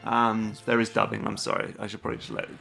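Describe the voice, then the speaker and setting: A man's voice: lowish voice, very animated, fast, vocal fry, pushed and bright. A man on a live stream playing a game, reading its on-screen text aloud and dropping joking asides between lines. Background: game music.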